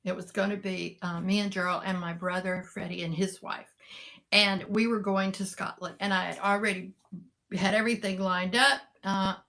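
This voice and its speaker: A woman's voice: medium pitch, steady tone, moderate pace, gravelly, sharp tone. A middle-aged woman, chatting casually and rambling to live viewers, greeting them by name. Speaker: live-sale seller and vlogger.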